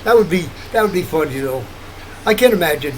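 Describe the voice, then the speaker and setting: Older man, rambling late-night monologue, high animated pitch, faint hum behind. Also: fairly quick, low-quality recording. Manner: rambling, wandering, laughs often. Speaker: vlogger.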